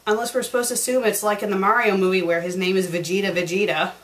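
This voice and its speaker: A woman's voice: medium pitch, steady tone, quick pace, fairly bright tone, low-quality recording. Sarcastic woman reviewing fan fiction. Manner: sarcastic, exasperated. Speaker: fanfiction critic. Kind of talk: comedic review reading aloud.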